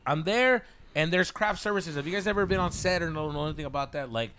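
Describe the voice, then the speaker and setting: A man's voice: on the high side, fast, slight background noise. A man telling a story on a podcast, swearing freely and dropping Spanish slang. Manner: profane, animated, slips into Spanish slang. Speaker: podcast host. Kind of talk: casual storytelling chat.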